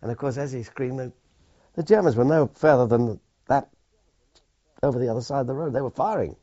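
An older man, a war veteran, recalling his experiences in a plain, halting way with many restarts. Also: medium pitch, dark tone. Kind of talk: oral history recollection. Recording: dull lo-fi recording.

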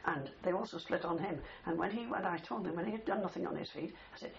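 On a dull old recording with faint hiss, an elderly veteran rambles through a lengthy war story for an interviewer, ending lines with "you see." His high voice is fast, marked by vocal fry, with few pauses.

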